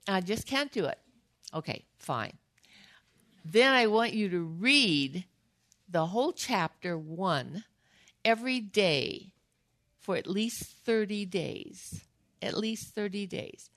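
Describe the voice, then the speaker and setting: Older woman, slow earnest devotional talk. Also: medium pitch, expressive, fairly bright tone. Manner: earnest, emotional, repeats for emphasis. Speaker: Bible teacher.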